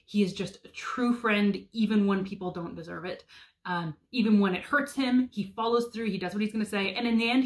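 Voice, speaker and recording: A woman in her thirties chatting casually about favorite picture books, enthusiastic with frequent ums. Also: mid-range voice. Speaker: homeschool mom reviewing picture books. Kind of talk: casual book recommendations.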